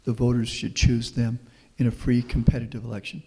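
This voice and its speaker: A man's voice: mid-range voice, level tone, a little fast, mellow, breathy edge. Folksy Texan-born man in a reverberant hall. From Houston, Texas. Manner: folksy, anecdotal, optimistic. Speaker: guest speaker, professor. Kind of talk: public talk with Q&A. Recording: long reverb of a meeting hall.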